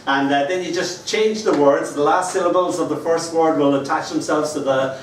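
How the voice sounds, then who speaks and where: A man's voice: fairly high pitch, moderate pace, slight background noise. Older Irish man reading poems in an echoey room. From Ireland. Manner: playful, joking banter between dramatic recited verse. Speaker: poet. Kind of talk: live poetry reading. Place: room with a live audience. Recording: echoey room, mic at a distance.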